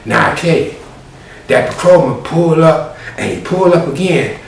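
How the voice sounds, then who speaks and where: A man's voice: on the high side, lively intonation, normal speed, vocal fry. A man telling a story in a folksy, conversational way, as a storyteller. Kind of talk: animated oral storytelling. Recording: roomy, distant, faint hiss.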